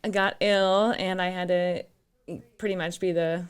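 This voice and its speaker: Lower-voiced Minnesotan woman, smooth. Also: flat delivery, measured pace. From northern Minnesota. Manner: laughing, open storyteller. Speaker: guest. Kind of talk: casual interview chat. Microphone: studio microphone.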